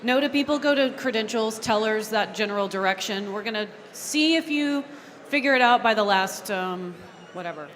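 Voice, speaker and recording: A woman chairing a large convention from the podium, keeping a noisy crowd in order with a firm, brisk manner. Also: medium pitch, expressive, fairly bright tone. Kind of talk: running a convention floor. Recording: long hall reverb.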